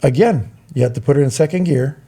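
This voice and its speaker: A man's voice: medium pitch, fast talker, slightly rough. A middle-aged man from Southern California casually telling a long story on a podcast, acting out the voices of the people in it. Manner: animated, acts out quoted voices. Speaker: podcast co-host.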